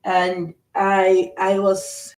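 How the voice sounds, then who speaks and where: A woman's voice: mid-range voice, monotone, drawn-out words, a little mellow, recorded from a distance. A middle-aged woman hosting a faith-based talk, speaking earnestly and reflectively, with frequent fillers and restarts. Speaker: host. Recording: echoey room, voice off-mic.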